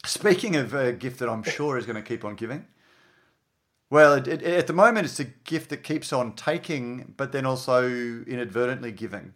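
Animated Australian man telling a story. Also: medium pitch, moderate pace. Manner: animated storytelling, acts out quoted dialogue. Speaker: podcast co-host, journalist. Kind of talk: casual podcast chat.

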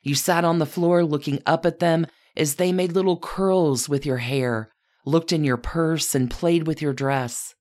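A woman podcast host narrating from a script, speaking straight to her subject as "you". Her storytelling is measured and even. Her voice is strikingly low for a woman.

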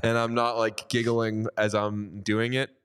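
A young man co-hosting a casual sports podcast, riffing playfully and reading an ad with bursts of excitement. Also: lowish voice, unhurried, clean tone. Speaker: podcast co-host. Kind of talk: casual chat and ad read.

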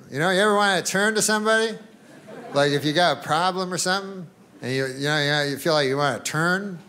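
A man's voice: on the high side, quick pace, sharp tone. A man doing a stand-up comedy routine on a stage mic, rambling and offhand, swearing casually and chuckling as he goes.

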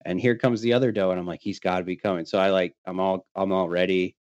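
Low-voiced man telling a hunting story. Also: quick pace, clean tone, dry recording, dull audio. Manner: animated, laughing often, acting out quoted friends. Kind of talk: casual storytelling.

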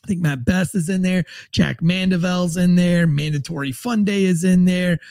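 A man's voice: sits high, normal speed, a little mellow, no room sound. A man hosting a podcast, recapping celebrity news in loose, rambling casual chat with lots of fillers. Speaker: podcast host.

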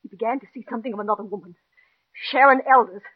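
An actress playing a neurotic, jealous middle-aged wife who pleads in an overwrought, breathless way, acted in 1940s radio-drama style. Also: female voice, a little high, fast, slightly rough. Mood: desperate. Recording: tinny old radio broadcast.

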